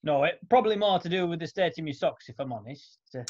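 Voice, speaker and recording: Scruffy allotment gardener voiced by a man, folksy, stammering, lively pitch, dull lo-fi sound. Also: quick pace. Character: scruffy older allotment gardener, chatty and easygoing. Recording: dull lo-fi recording.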